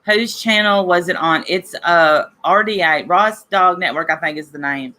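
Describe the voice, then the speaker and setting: Her voice sits on the low side with a sharp tone, moving at normal speed. She hosts a casual podcast talk show while ill with a cough, rambling, gossiping and chatting directly to her audience.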